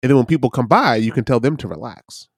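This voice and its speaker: Teasing man, lively voice, dry sound. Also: medium pitch, quick pace, breathy edge, dry recording. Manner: teasing, gives advice, mock-soothing. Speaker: podcast co-host. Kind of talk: casual chat.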